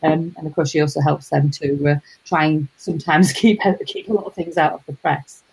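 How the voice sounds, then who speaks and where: A middle-aged woman hosting a casual live chat, rambling warmly and greeting viewers. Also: low voice, fairly even intonation, fairly quick, vocal fry, slightly rough, low-quality recording. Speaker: host.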